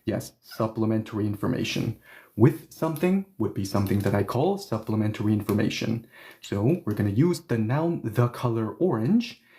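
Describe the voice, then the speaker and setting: Mellow-voiced man teaching a live lesson. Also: fairly low pitch, normal speed. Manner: lively explainer who checks in with listeners. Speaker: Korean language teacher. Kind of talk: live-streamed grammar lesson.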